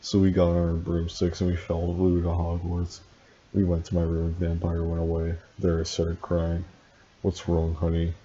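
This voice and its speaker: Deadpan man, comedic reading with commentary, very flat monotone, dark heavy voice. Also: low-pitched, moderate pace, muffled recording. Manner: deadpan, with sarcastic asides. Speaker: channel host reading fan fiction aloud.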